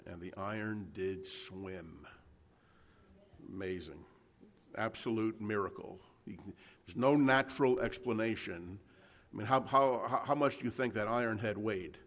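A man's voice: fairly low pitch, fairly bright tone. A man preaching a conversational sermon, reading scripture aloud and explaining it to a live congregation. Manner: conversational Bible teaching, frequent restarts and "right?" checks.

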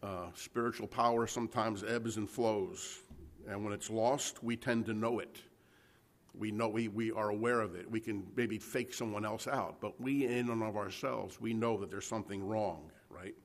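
Lowish-voiced man preaching a sermon. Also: fairly even intonation, normal speed. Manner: conversational Bible teaching, frequent restarts and "right?" checks.

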